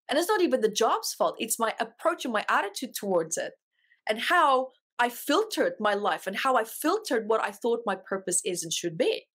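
A woman with a fairly high voice tells a personal story as a guest in an interview. She speaks earnestly and with feeling, and she often repeats her words to drive a point home. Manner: earnest, emotional, repeats phrases for emphasis. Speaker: guest, author and life coach.

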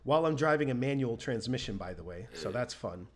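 A man from the United States telling a story in casual chat, lively and acting out the people he quotes. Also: mid-range voice, a little fast.

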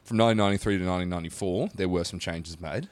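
A man's voice: low-pitched, rapid-fire, no echo. A man with an Australian accent co-hosting a podcast, joking crudely and swearing in casual banter. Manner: lively, joking, swears freely. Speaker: podcast co-host.

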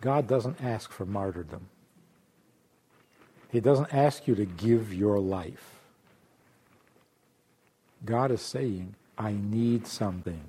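A man teaching a Torah class, acting out imagined voices and laughing often, dropping to hushed asides and then rising loud. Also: lowish voice, takes it slowly, pauses often, slightly rough. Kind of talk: lively spoken Torah class.

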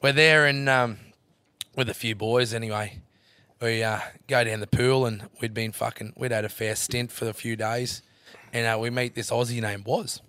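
A man's voice: medium pitch, normal speed, clean tone, dry recording. A man telling a long wild story as a podcast guest, swearing freely and acting out what everyone said. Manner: animated yarn-teller, swears freely, acts out others' lines. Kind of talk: casual storytelling chat.

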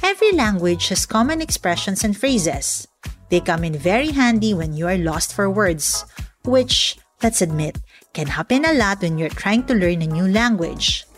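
A woman's voice: mid-range voice, sing-song, moderate pace, soft background music. A woman hosting a podcast, explaining language points in a friendly, scripted way. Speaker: podcast host.

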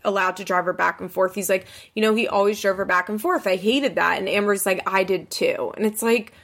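A woman recapping a reality show in casual chat, swearing and acting out the people she quotes with big jumps in pitch. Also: fairly quick, a bit bright.

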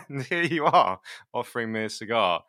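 A man co-hosting a podcast, telling stories in a lively way and laughing often. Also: medium pitch, moderate pace. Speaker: podcast co-host. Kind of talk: casual podcast chat.

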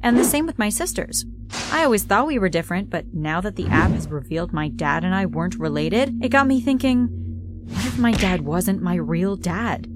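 A woman's voice: mid-range voice, normal speed, over music. Woman narrating a dramatic story. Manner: expressive, dramatic delivery.

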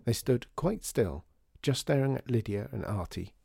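A male storyteller with a low, gravelly voice that turns husky and dark. His reading is lively and animated, recorded close and dry without any room around it. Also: moderate pace, no echo. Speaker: narrator. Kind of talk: storybook narration.

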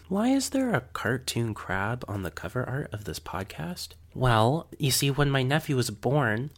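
A young man hosting his own podcast, telling a personal story in a reflective, earnest way with small self-conscious laughs. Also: medium pitch. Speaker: podcast host.

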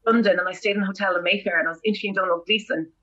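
A woman with an Irish accent, an entertainment interviewer telling rambling, animated stories in casual chat. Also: medium pitch, very fast, highs cut off, crowd noise. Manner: animated, rambling storytelling with fillers. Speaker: podcast guest, entertainment interviewer.

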